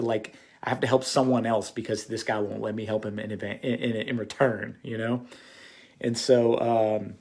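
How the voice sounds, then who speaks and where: A man's voice: medium pitch, darkish tone. A man hosting a casual livestream, talking earnestly to his viewers with many fillers and restarts. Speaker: host of a phone-flipping channel.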